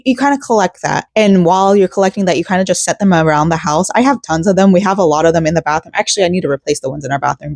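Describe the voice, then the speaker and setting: Young florida woman rambling n giggling while she crochets, kinda low voice, dry close sound. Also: darkish tone, dry recording. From Florida, USA. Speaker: vlogger. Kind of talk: casual chat while crocheting.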